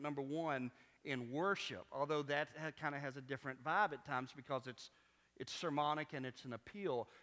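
Impassioned high-voiced preacher in a big hall. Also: male voice. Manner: swings from quiet teaching to loud impassioned preaching. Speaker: pastor. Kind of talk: sermon. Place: church sanctuary.

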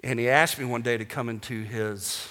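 Bright-voiced preacher man in a big hall. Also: medium pitch, steady tone, normal speed. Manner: emphatic preaching with joking asides. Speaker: pastor. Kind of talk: sermon. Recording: long hall reverb.

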